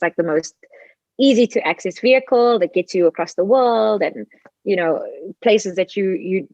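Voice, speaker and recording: A woman's voice: on the low side, no room sound. A woman talks casually as a musician guest on a podcast, bouncing through stories and slipping into comic voices to quote people. The sound is dry and close, slightly dull and muffled. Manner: animated, slips into playful voices when quoting people. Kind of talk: casual interview chat.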